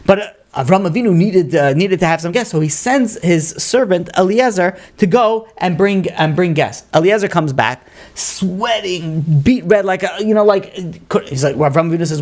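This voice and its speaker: A man, a rabbi, teaching a lively Torah class, asking rhetorical questions and acting out story dialogue with Hebrew terms mixed in. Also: on the high side, a little fast. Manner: sprinkles Hebrew and Aramaic learning terms. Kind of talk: lively lecture.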